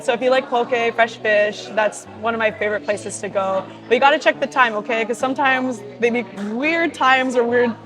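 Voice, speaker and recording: A woman's voice: fairly high pitch, low-quality recording. A young woman from Hawaii, a professional volleyball player, reads fan questions aloud and answers them in a chatty, upbeat way, with plenty of "like" and "you know". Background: background music.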